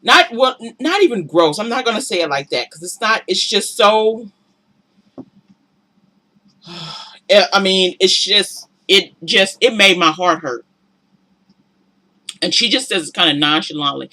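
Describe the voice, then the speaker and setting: A woman giving casual vlog commentary on a reality show, talking in an animated, incredulous way that climbs into exasperated outbursts. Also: mid-range voice, unhurried, long pauses.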